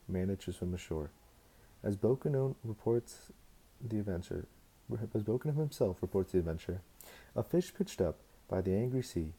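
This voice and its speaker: A man's voice: fairly low pitch, warm tone, husky, poor audio. A man reading a novel aloud as a fan, unpolished, stumbling over words and restarting lines. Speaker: amateur audiobook reader.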